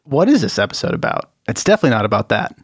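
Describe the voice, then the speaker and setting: A man co-hosting a podcast in casual chat, laughing often and tossing in quick asides. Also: fairly low pitch, very animated, creaky, slightly rough, no room sound, studio quality. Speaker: podcast co-host.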